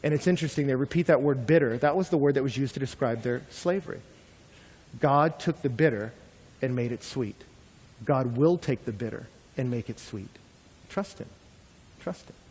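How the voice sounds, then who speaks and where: A young man preaching a sermon with animated delivery, acting out quoted complaints. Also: medium pitch, fairly quick, husky. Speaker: pastor. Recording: long hall reverb.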